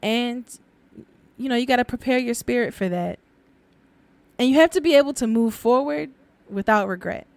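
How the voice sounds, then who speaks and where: A woman's voice: on the high side, moderate pace, creaky, long pauses, darkish tone, dry recording. Chatty woman telling folk tales. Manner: laughs often, casual, chatty. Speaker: podcast host and storyteller. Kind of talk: casual storytelling podcast.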